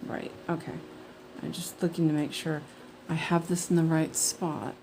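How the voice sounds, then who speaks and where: A woman's voice: low-pitched, little pitch movement, moderate pace, darkish tone, slight background noise. A woman hosting a cross-stitch livestream, chatting casually and rambling with many fillers and restarts. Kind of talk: casual chat while stitching.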